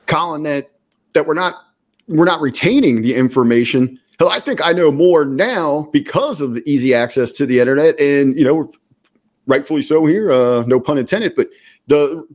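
A man co-hosting a talk show, chatting in a jokey, long-winded way. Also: on the high side. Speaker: podcast co-host. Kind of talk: casual chat.

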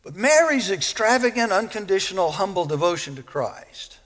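A man's voice: high voice, sing-song, moderate pace, a bit bright. A man preaching a sermon on scripture, earnest and emphatic, repeating phrases for weight. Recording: long echo of a large hall.

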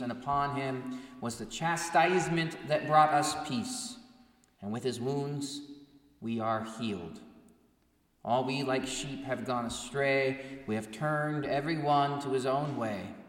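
A pastor preaching a sermon with earnest emphasis, building to pointed questions. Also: male voice, medium pitch, a bit bright. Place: church sanctuary. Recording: echoey hall, mic set far off.

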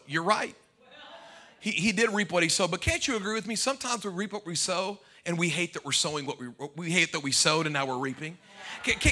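A man preaching a sermon as pastor to a congregation, animated and humorous, swinging between loud outbursts and quiet asides. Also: sits high. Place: church before a live congregation.

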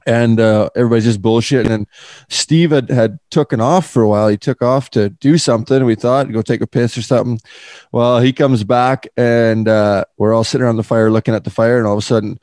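A man's voice: medium pitch, fairly even intonation, a little fast, a little mellow, dry recording, clean studio sound. A man hosting a casual podcast, telling rambling stories with lots of fillers and swearing, then reading an ad. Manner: rambling storyteller, swears freely, many fillers. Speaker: podcast host. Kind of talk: casual podcast chat and ad read.

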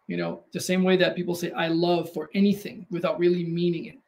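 High, gravelly-voiced man, measured. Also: level tone, a little mellow. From United States. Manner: slow, measured, reflective. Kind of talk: casual conversation.

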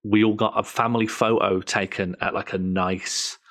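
A man co-hosting a podcast, chatting casually in a wry, animated way. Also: on the low side, moderate pace. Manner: wry, animated storytelling with put-on quotes. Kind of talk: casual conversational commentary.

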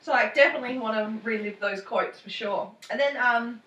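A woman co-hosting a podcast chats casually, laughing often and swearing lightly, in a highish, fairly quick and fairly bright voice. The mic is distant and she's a little off it, in an echoey room, with the highs cut off.

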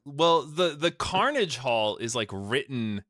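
A man co-hosting a podcast, chatting casually in an animated, jokey way. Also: medium pitch, slow, dry recording, studio quality. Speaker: podcast co-host. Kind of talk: casual chat.

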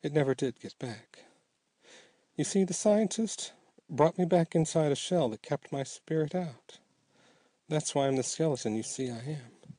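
A gaunt skeletal man returned from the dead, voiced by a man reading the tale talks in a dry, offhand and mocking way. The voice is dark and mellow, lifted somewhat above the reader's own pitch. It sounds close and dry. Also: unhurried, no room sound.

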